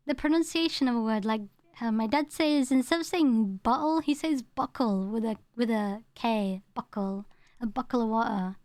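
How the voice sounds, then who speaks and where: High-voiced chatty woman. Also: no echo, clean studio sound. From England. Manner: chatty, rambling, laughing, reacting to chat. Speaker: streamer. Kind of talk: casual stream chat.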